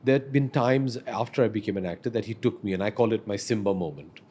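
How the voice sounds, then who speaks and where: A man's voice: lowish voice, fast, a little hiss or hum. A man, earnestly telling a personal story as a podcast guest. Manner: earnest, reflective, animated when telling stories.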